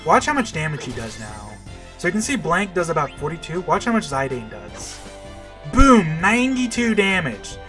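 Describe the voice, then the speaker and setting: A man's voice: on the high side, big pitch swings, normal speed, pushed and bright, faint music behind. Chatty man commenting on gameplay. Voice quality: chatty, self-deprecating, explanatory. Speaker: let's play commentator.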